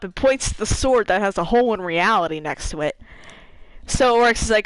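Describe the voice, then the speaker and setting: A woman streaming a game, chatting her way through its story with a lot of swing in her pitch and bursts of laughter. She swears freely and jumps into quick voices for each character. The sound is close and dry, with no room around it. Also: animated, a bit bright, clean tone, no echo, rough recording. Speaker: gaming streamer. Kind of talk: casual lore retelling while gaming.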